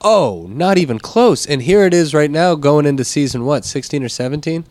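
A man's voice: on the high side, lively intonation, normal speed, darkish tone, no echo. A man co-hosting a podcast in laid-back, profane banter, hyping up his co-host.

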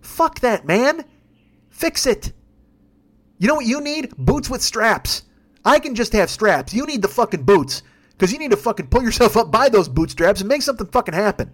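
A man's voice: sits high, sing-song, normal speed. A man in his fifties hosting a solo podcast, ranting bluntly and heatedly with constant swearing. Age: 50s. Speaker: podcast host.

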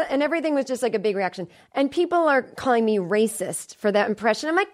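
A woman's voice: on the high side, fairly quick. A woman in her thirties hosting a comedy podcast from a studio, chatting casually and acting out the voices of people in her stories. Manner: chatty, animated storyteller acting out quoted voices. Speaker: podcast host.

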